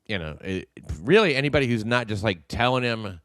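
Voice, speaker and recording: A man's voice: medium pitch, expressive, fairly quick, fairly bright tone, no room sound, studio quality. A man hosting a show, casually commenting on clips in a rambling, amused way with lots of fillers.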